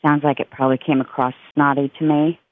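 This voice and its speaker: A woman's voice: low-pitched, flat delivery, fast. A woman caller from Bluffton, calling in to a radio show and speaking plainly and reassuringly. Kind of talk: phone call-in chat. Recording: tinny phone line.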